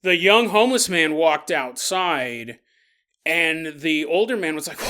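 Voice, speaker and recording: Bright, high-voiced man telling a story. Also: animated, measured pace. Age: 40s. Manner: rambling, self-correcting, chuckles through stories. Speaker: podcast host. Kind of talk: casual podcast storytelling.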